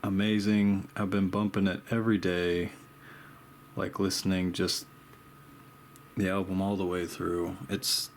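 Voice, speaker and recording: A man's voice: sits low, flat delivery, a little slow, pauses often, a little hiss or hum. A young man chatting casually while he paints, laid-back and rambling, with a habit of saying dude and bro. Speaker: art vlogger.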